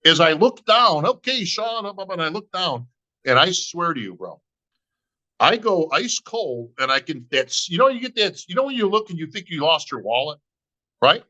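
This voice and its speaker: A man's voice: on the high side, sing-song, normal speed, pushed and bright, low-quality recording. A middle-aged man, a bodybuilding emcee, telling a long story on a podcast and acting out both sides of the talk. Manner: acts out both sides of conversations, says "bro" and "right?" constantly.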